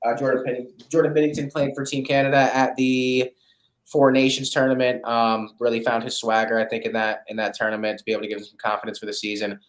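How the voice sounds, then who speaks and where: A man hosting a casual sports chat on a video call, excitable, teasing and swearing freely. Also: medium pitch, fast, roomy sound, low-quality recording. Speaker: podcast host.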